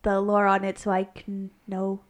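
A woman's voice: mid-range voice, completely flat delivery, normal speed, a little hiss or hum. A woman co-hosting a casual podcast, rambling and correcting herself as she explains tabletop game lore, laughing often. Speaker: podcast co-host, game master. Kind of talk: casual chat.

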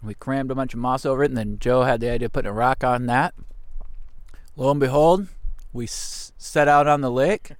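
A man co-hosting a trip podcast outdoors, telling stories excitably and laughing often. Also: medium pitch, fairly quick, no room sound. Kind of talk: casual chat on a canoe trip.

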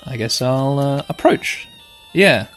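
Excitable man narrating a video game. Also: mid-range voice, slow pace. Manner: playful, excitable, reads game text aloud. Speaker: game player. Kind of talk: let's play commentary. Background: faint game music.

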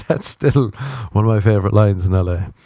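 A man's voice: on the low side, moderate pace, dark tone, dry recording, studio quality. Sweary, rambling Irish man. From Ireland. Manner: rambling, sweary and self-mocking. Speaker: podcast host. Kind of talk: casual comedic monologue.

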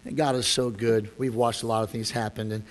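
A man preaching a sermon as a pastor, telling a story with animated rhetorical questions. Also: mid-range voice, a little fast. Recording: long echoey hall reverb.

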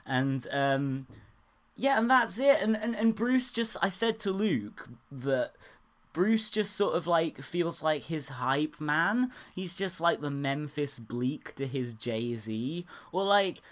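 A man's voice: fairly high pitch, expressive, slow. A man from the United Kingdom co-hosting a podcast, chatting casually with joking, self-deprecating asides. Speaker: podcast co-host.

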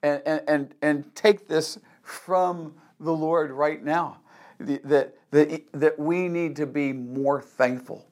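A man's voice: on the high side, fairly even intonation, slow pace. A man preaching a sermon in an emphatic, repetitive way, often asking the listeners a rhetorical "yes?". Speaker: pastor.

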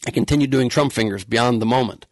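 A man's voice: medium pitch, fast, a little mellow, dry recording. A man hosting a podcast with a sarcastic, profane, heated comedic political rant. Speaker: podcast host.

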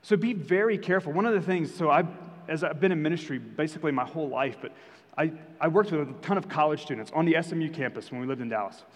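Young guy preaching, kinda high voice, chatty but punchy, big echoey church. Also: fast talker. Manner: conversational preaching with emphatic rises. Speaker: pastor. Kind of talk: sermon. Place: church sanctuary. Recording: long hall reverb.

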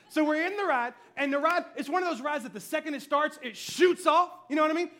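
A middle-aged man preaching a sermon to a church congregation, telling stories in an animated, comic way. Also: very high-pitched, fast, few pauses. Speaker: pastor. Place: church service before a congregation.

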